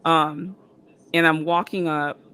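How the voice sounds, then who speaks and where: A woman guest on a podcast telling a story casually, full of "like" and "um", jumping high when she quotes people. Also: fairly even intonation, takes it slowly, clean tone. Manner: chatty, full of fillers like "like" and "um"; jumps high and loud when quoting others. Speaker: podcast guest, fan content creator.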